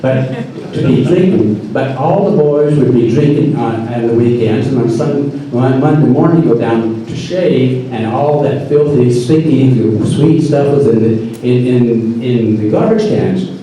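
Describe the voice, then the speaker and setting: Casting: older man, mellow dark voice, dry folksy live storyteller, distant mic in an echoey hall. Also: mid-range voice, measured pace, a little hiss or hum. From North Carolina.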